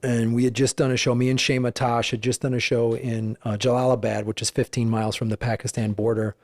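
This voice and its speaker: A middle-aged man, a guest comedian, telling stories in conversation, animated and profane, acting out the dialogue. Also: mid-range voice, brisk, no room sound. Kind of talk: conversational storytelling.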